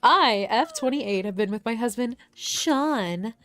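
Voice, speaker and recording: A woman's voice: fairly high pitch, animated, slow. Woman reading posts aloud on stream. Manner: reads stories aloud with laughing asides. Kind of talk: casual group chat on a livestream.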